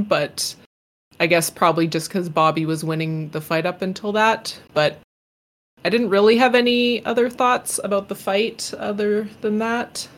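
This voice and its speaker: A woman in a casual podcast chat, talking hesitantly and giggling. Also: on the low side.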